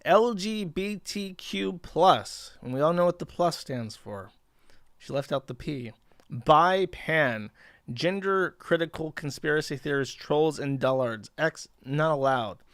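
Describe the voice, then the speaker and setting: A man's voice: medium pitch, a little slow, fairly bright tone, dry recording, studio quality. A man hosting a livestream, reading posts aloud in casual commentary with a sarcastic, profane, mocking manner. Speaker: livestream host.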